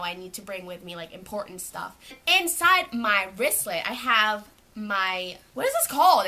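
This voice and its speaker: A woman's voice: medium pitch, sharp tone. A young woman from Canada, chatting casually at home as she shows what is in her school bag, rambling with lots of "like.". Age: young adult. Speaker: vlogger. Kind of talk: casual show-and-tell vlog. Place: at home, indoors.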